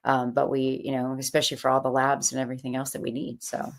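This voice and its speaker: Low-voiced woman telling her story. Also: quick pace. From California. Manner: animated storyteller, acts out quoted voices. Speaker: author and guest. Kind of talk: casual interview storytelling.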